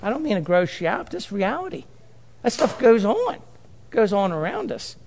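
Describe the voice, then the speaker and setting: High-voiced preacher in a reverberant hall. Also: male voice, big pitch swings, normal speed, vocal fry, darkish tone. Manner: emphatic preaching, repeating and drawing out key phrases. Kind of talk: sermon.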